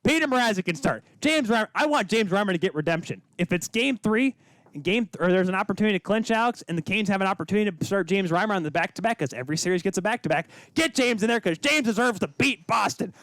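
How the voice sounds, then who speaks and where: A man co-hosting a casual sports talk podcast, his voice pitched high and swinging widely as he rants. He is emphatic and heated, piling up rhetorical questions. The sound is dry and close. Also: expressive, fast, fairly bright tone, no echo. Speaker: podcast co-host.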